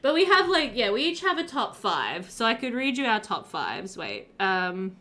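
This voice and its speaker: A woman's voice: fairly high pitch, big pitch swings, measured pace, a bit bright. A young woman streamer chatting casually with her viewers, reading their messages aloud and laughing often. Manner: giggly, chatty, reads chat aloud. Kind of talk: casual chat with live chat.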